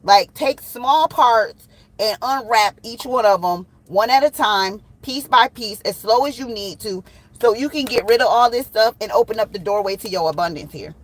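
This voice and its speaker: Woman tarot reader, slightly high voice, casual and profane, laughs a lot while she teases her audience. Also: normal speed, poor audio. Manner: blunt, profane, laughs often, playful and teasing. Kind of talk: casual livestream tarot reading.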